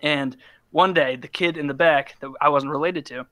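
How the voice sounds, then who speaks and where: A man's voice: on the high side, fairly even intonation, normal speed, fairly bright tone, dry recording. A young man casually telling stories on a podcast, swearing freely and acting out the people he quotes. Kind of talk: casual storytelling chat.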